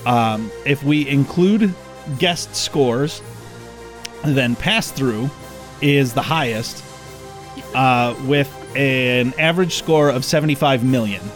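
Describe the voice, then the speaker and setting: A man's voice: medium pitch, takes it slowly, faint music behind. A man hosting a podcast in casual chat, rambling with restarts and swearing freely. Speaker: podcast host.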